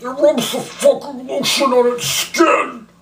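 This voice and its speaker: Tipsy man doing shrill horror-film killer Buffalo Bill. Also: little pitch movement, measured pace, a bit bright, reverberant, far from the mic, exaggerated voice. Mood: menacing. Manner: shrill, rising to a screech.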